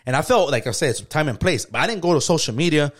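A man's voice: a little high, animated, fast talker. A man, telling stories in a casual, profane podcast chat, acting out quotes. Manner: slangy, profane, storytelling with acted-out quotes. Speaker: podcast co-host.

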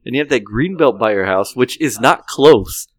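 A young man telling a wild story on a podcast, animated and profane, often laughing. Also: mid-range voice, moderate pace, no room sound. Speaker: podcast co-host. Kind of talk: casual storytelling chat.

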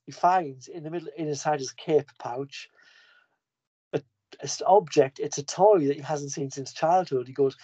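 A man recapping a comic story in a casual, enthusiastic way, often restarting his sentences. His voice is mellow and soft-edged. The audio is dry and a little dull, like lo-fi podcast audio. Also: fairly high pitch, normal speed, slightly rough, no room sound. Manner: enthusiastic, rambling, with frequent restarts.

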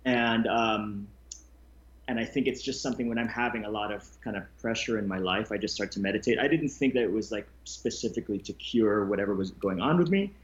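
Candid male guest on muffled audio. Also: fairly low pitch. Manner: candid, halting storyteller. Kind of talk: casual conversation.

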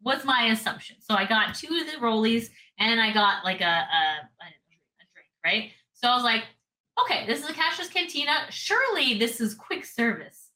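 A woman's voice: fairly high pitch, big pitch swings, normal speed, sharp tone, low-quality recording. A woman co-hosting a casual podcast, telling a story in a rambling way, full of "like" and restarts. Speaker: podcast co-host. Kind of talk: casual chat.

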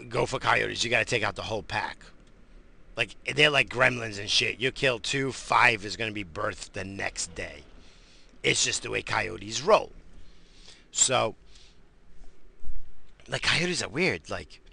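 A podcast host whose family comes from the Azores goes on a rambling, profane, casual rant, swearing constantly and stammering whenever he restarts. His mid-range voice has vocal fry and a bright, forceful tone.

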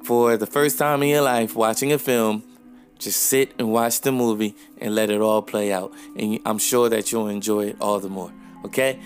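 A man's voice: lowish voice, steady tone, normal speed, soft background music. A man hosting a casual podcast film review, giving his opinions straight to listeners with frequent filler sounds.

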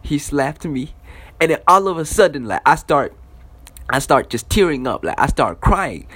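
A man's voice: a little high, very animated, moderate pace, a bit bright, slightly rough. A young man telling a casual story in a loose, profane style, with lots of fillers.

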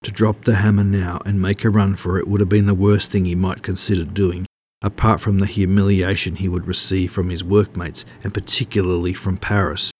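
Deep-voiced man narrating. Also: a little hiss or hum. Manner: steady, measured reading. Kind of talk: audiobook narration.

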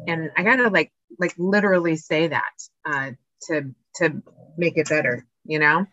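A woman co-hosting a podcast, chatting casually and acting out her inner voices in an animated way. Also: low voice, moderate pace, no echo. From Oregon, US. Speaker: podcast co-host, nonprofit executive director. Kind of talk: casual conversation. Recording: dull, lo-fi sound.

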